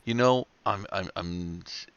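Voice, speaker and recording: Deep gravelly man joking in roleplay. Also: unhurried, fairly bright tone, highs cut off. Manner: joking, puts on brief mock accents. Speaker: streamer playing a public defender. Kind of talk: casual roleplay chat.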